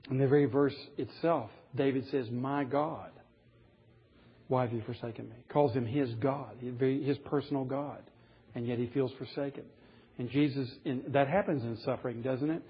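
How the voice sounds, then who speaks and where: A man's voice: medium pitch, breathy edge, dull audio. A man preaching a sermon, earnest and rising to emphatic passages as he reads scripture aloud. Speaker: pastor.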